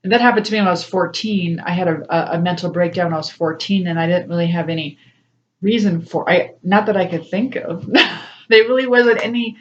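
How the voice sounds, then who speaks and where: A woman's voice: lowish voice, fairly quick, lo-fi sound, slight background noise. A woman, a spiritual coach, talking casually and personally to her viewers, laughing often and acting out voices when she quotes people. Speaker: spiritual coach and tarot reader. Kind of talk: casual personal talk to camera.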